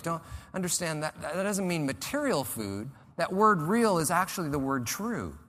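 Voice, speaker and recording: A male pastor preaching a conversational, animated sermon and acting out the people he describes. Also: medium pitch, normal speed. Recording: reverberant church hall.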